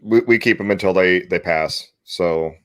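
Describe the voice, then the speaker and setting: A man chatting as a guest on a video call, easygoing, explaining things plainly and laughing softly. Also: deep voice, moderate pace, no room sound. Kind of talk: casual chat on a livestream.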